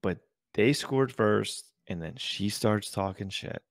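A man's voice: lowish voice, takes it slowly, dry recording, studio quality. A man co-hosting a podcast, telling stories in casual chat and drawing out key words. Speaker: podcast co-host.

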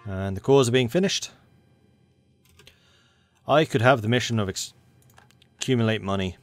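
A man's voice: mid-range voice, normal speed, no room sound, faint music behind. A man commentating a strategy game, thinking aloud and talking to the game's factions as he plays. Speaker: gaming channel host.

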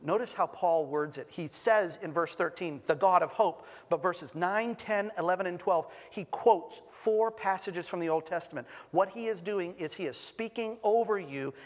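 A man preaching a sermon as pastor, stressing single words with long pauses and adding light humor. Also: high voice. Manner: light humor between scripture readings. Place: church sanctuary. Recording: long reverb of a church hall.

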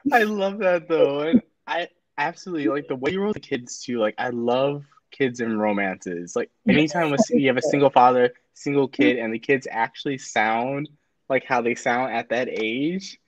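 A woman's voice: rumbling low, normal speed. A woman hosting a book podcast, gushing with enthusiasm and filling her talk with constant "like". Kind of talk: casual interview chat.

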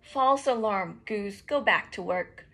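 A woman's voice: mid-range voice, slow pace, fairly bright tone. A woman voicing a fussy, earnest male duck in a storybook read-aloud, huffy and indignant in manner.

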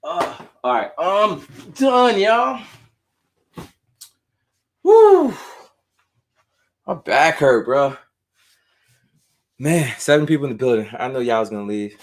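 A man's voice: medium pitch, normal speed, long pauses. A man running a casual live stream at home, showing off his sneaker collection in a loose, chatty way, a little out of breath. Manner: loose and chatty, drifts between sing-song muttering and explaining. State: winded, out of breath. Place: home room full of shoes.

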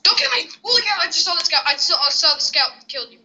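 High, bright, excitable gamer voice. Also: fast. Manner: excitable, jokey, blurts reactions. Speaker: gamer playing with a friend. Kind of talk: casual gameplay chat. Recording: dull lo-fi mic.

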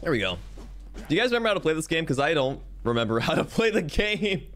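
A man's voice: on the high side, big pitch swings, fast, a bit bright. A young man chatting casually to his viewers while streaming a game, goofy and rambling. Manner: goofy, rambling, talks to chat.

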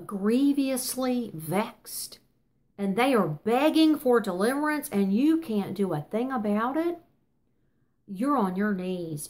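Earnest older woman teaching the Bible. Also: medium pitch. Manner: earnest, emphatic, with frequent fillers and self-corrections.

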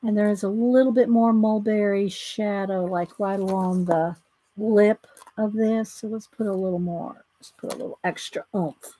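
A woman's voice: mid-range voice, steady tone, moderate pace, warm tone. A woman with a Southern American accent hosting a casual live coloring tutorial. She chats with viewers, greets them by name and reads steps aloud between her own comments. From Southern United States. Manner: chatty, greets viewers by name, laughs easily. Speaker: coloring demonstration host.

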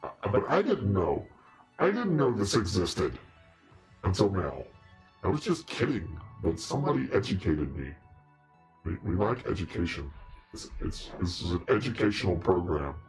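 Deep-voiced joking man. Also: sing-song, normal speed, darkish tone, faint music behind. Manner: joking, rambling, laughs often. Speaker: live stream host. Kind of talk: casual live stream chat.

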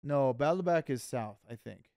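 A man's voice: mid-range voice, expressive, unhurried, dark tone, clear, resonant tone, dry recording, clean studio sound. A man co-hosting a podcast, talking bluntly and teasing his friends. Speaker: podcast co-host. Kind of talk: casual podcast chat.

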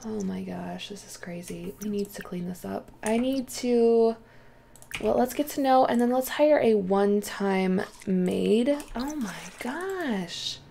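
A woman's voice: mid-range voice, takes it slowly, creaky, mellow, slight background noise. A woman hosting a let's play, chatting casually through her gameplay, often exclaiming and talking to the characters on screen.

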